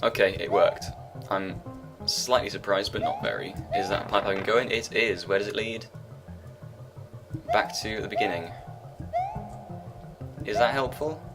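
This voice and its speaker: A man's voice: lowish voice, huge pitch swings, moderate pace, pauses often, music in the background. A man giving rambling, self-mocking commentary while he plays a video game, talking half to himself. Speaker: let's play gamer.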